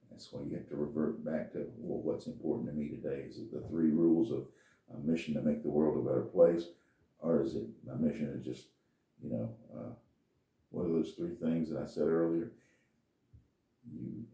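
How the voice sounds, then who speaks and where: A man's voice: extremely low pitch, warm tone. An older man telling a personal story in a folksy, meandering, plain-spoken way as a podcast host. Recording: echoey room, distant from mic.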